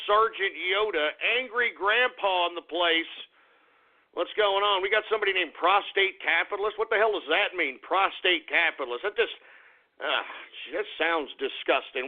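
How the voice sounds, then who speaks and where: A man hosting a radio show, ranting in an agitated, profane, rambling way. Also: high-pitched. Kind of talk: ranting call-in style talk radio. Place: Austin, Texas. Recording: tinny phone-like lo-fi radio recording.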